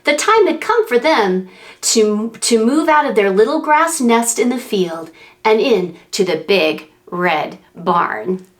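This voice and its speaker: A woman librarian reading a picture book aloud to preschoolers, animated and sing-song, making animal and wind sounds as she goes. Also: on the high side, takes it slowly. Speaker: children's librarian.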